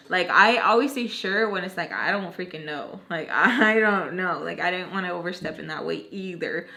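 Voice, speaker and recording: A woman's voice: fairly low pitch, moderate pace, gravelly, hardly any pauses, sharp tone. A young woman in her twenties telling a storytime vlog, chatty and slangy, filling her talk with "like". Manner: chatty, slangy, heavy use of "like". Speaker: vlogger.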